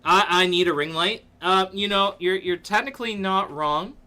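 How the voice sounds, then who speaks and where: A man hosting a casual livestream from his computer desk, playful and jokey, breaking into sudden loud outbursts. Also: sits high, moderate pace. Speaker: livestream host. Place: seated at a computer in a dim room.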